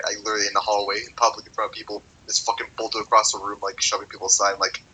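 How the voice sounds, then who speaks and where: A man's voice: on the low side, monotone, rapid-fire, few pauses, pushed and bright, a little hiss or hum, poor audio. A man co-hosting a podcast in casual chat, telling a rambling, profane story full of "like". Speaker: podcast co-host.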